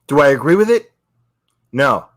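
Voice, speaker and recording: A man on his own stream, profanely ranting and calling out other creators, slow and emphatic. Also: mid-range voice, big pitch swings, no room sound, studio quality. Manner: profane, repetitive, confrontational. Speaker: YouTube creator. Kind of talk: angry livestream rant.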